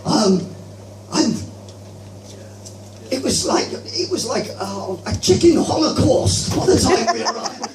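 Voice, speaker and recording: A man doing open-mic stand-up, telling stories in a rambling, self-deprecating way full of halting restarts. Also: very high voice, very animated. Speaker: stand-up comedian. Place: open-mic comedy venue. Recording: echoey room, far from mic, loud music.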